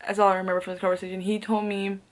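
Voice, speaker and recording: A young woman vlogger races through a casual storytime at a very fast clip, her mid-range voice holding a level tone. The telling is rambling and profane, riddled with "like," with laughs slipping in between phrases.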